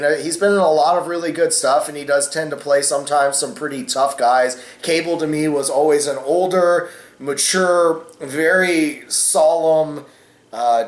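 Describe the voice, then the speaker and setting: A man's voice: fairly high pitch, echoey room. A man hosting a casual opinion vlog, rambling with many fillers and cussing freely. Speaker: vlogger host.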